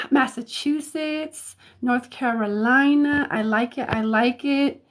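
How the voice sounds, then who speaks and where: A high-voiced woman from Colorado hosts a casual live stream, greeting viewers one by one. She talks slowly, laughs often and trips over her words with ums and restarts, speaking into a phone or webcam mic indoors. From Colorado, United States. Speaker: intuitive reader, live stream host.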